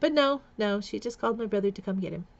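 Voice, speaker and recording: A woman's voice: medium pitch, expressive, fast talker, creaky, highs cut off. A woman vlogger candidly telling a painful family story, with nervous laughs and repeated words. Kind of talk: personal storytelling vlog.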